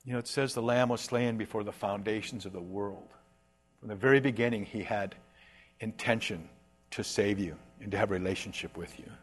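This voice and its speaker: A man preaching a sermon in a casual, animated way, dropping slangy asides and acting out the voices of imagined speakers. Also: fairly low pitch, husky.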